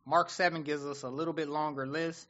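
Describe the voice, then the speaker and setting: Male preacher, fairly high, bright voice, lively chatty sermon delivery. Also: fairly quick, muffled recording. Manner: animated, conversational, acts out voices of people.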